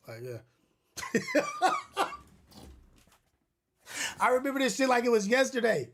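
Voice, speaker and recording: A man's voice: a little high, huge pitch swings, a little fast, long pauses. Rambling profane man telling stories. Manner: loose, profane, rambling with restarts. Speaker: podcast host. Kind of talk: casual storytelling monologue.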